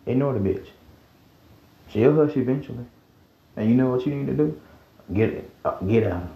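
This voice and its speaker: A man hosting a casual podcast rant, heated and profane, dropping to low mutters and jumping up to high yells. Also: expressive, moderate pace, gravelly. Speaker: podcast host. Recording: roomy, dull lo-fi sound.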